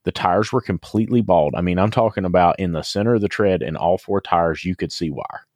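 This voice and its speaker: A man hosting a podcast, recounting a customer story in casual chat, with many halting restarts and fillers. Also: low-pitched, darkish tone, slight background noise.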